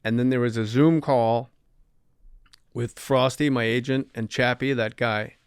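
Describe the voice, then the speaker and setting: A man hosting a podcast, telling animated, wry stories about his life in comic storytelling style. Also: mid-range voice, unhurried, smooth, no room sound, studio quality. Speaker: comedian podcast host.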